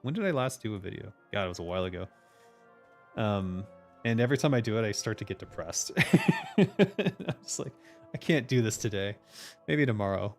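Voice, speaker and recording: A man's voice: lowish voice, very animated, a little fast, long pauses, soft background music. A man hosting a casual stream chat as a game designer, ranting emphatically with lots of swearing.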